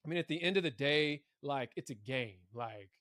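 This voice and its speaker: High-voiced man on a sports podcast. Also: moderate pace, no echo, clean studio sound. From Arkansas. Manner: animated, repeats words when thinking. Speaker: podcast co-host. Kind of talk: casual sports chat.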